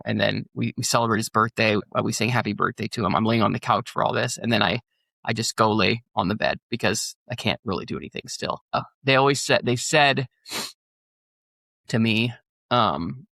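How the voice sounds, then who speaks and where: A man's voice: on the low side, fairly quick, gravelly, fairly bright tone, dry recording, studio quality. A man, a pastor, telling a personal story on a podcast in an earnest, rambling way with many fillers. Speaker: pastor and guest.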